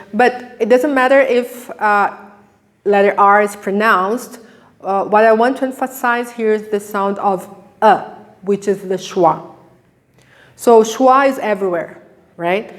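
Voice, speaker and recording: A woman teaching English pronunciation, modelling each sound slowly and asking the listener to repeat after her, laughing now and then. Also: fairly high pitch. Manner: drawn-out sounds, laughs often, asks you to repeat. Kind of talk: slow, careful pronunciation lesson.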